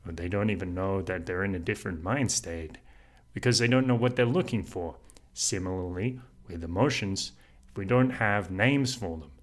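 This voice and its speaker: A man hosting a podcast, talking through an idea in a reflective solo monologue, earnest and unhurried, with frequent soft laughs. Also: deep voice. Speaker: podcast host.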